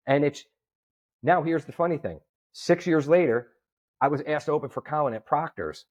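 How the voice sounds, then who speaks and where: A man's voice: a little high, fairly quick. A man, telling a story in a casual interview and acting out the voices of the people in it. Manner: animated storyteller, acts out quoted voices. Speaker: guest comedian and promoter.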